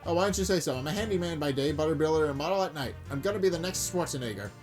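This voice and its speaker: A man voicing a dim, laid-back male handyman and bodybuilder, slow and dopey. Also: a little high, expressive, over music, lightly acted. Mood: boastful.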